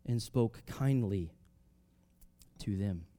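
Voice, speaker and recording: A man preaching a sermon, reading scripture aloud and explaining it in a conversational way, swinging between loud emphatic rises and soft drops. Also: fairly low pitch, big pitch swings, measured pace. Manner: reads scripture aloud, then explains it casually with fillers.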